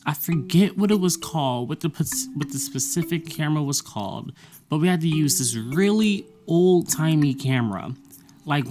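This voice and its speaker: A vlogger talking casually about a semester, blunt and profane, with frequent laughter. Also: medium pitch. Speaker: vlogger recapping a college semester. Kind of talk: casual monologue.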